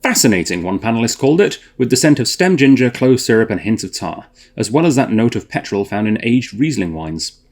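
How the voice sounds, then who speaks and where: A man's voice: medium pitch, very animated, fairly quick, a little mellow. A man hosting a whisky tasting video, chatting casually and thinking aloud with fillers and self-corrections. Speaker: host.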